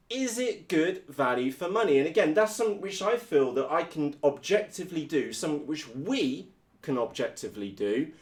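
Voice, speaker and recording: A British man from the United Kingdom hosting a live stream about his radio-controlled models, blunt, energetic and full of slang. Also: on the high side, reverberant. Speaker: RC hobby video host. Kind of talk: casual live-stream chat.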